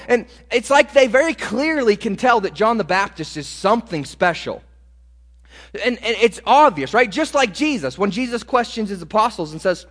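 A man preaches a sermon in a high, lively voice, acting out Bible dialogue with swelling emphasis. His words ring with a long reverb from a large hall. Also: normal speed.

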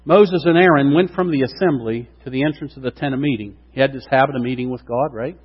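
A middle-aged man preaching a sermon, acting out quotes with lively asides to the congregation. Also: fairly high pitch, breathy edge. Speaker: pastor. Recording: dull lo-fi sound with long hall reverb.

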